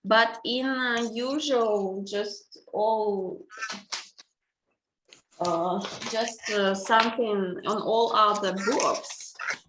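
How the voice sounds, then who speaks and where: A woman with a Russian accent teaching a language lesson over a video call, slow and patient, with many fillers. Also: medium pitch, noisy background.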